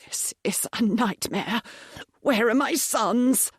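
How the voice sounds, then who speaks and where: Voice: medium pitch, very animated, unhurried, creaky, breathy edge, dry recording, clean studio sound, exaggerated voice. A narrator voicing a frightened, breathless elderly viscount in an audiobook, gasping out his lines. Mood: panicked. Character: panicking, wheezing old male viscount.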